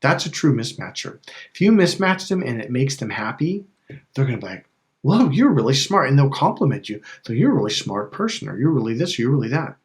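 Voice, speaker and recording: A man's voice: medium pitch, sing-song, quick pace. A man giving a casual coaching talk, emphatic and repetitive, often checking in with "okay?". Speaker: life and relationship coach.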